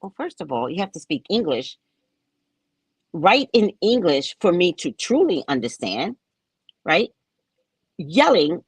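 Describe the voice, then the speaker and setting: A woman host telling a story in casual chat, mocking and animated, laughing often and jumping high when exasperated. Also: unhurried, pauses often, breathy edge, no echo. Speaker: podcast host.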